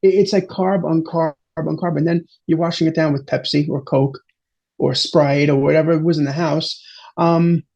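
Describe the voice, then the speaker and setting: A man being interviewed, telling family stories in an animated, exasperated way with frequent restarts. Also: a little high, moderate pace, creaky. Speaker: interview guest. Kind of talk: casual storytelling interview. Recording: dull lo-fi audio.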